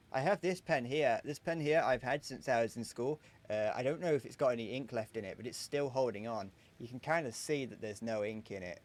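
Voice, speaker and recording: A man in his twenties chatting casually to viewers while playing a game live, joking and swearing as he goes. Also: mid-range voice. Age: 20s. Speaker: streamer.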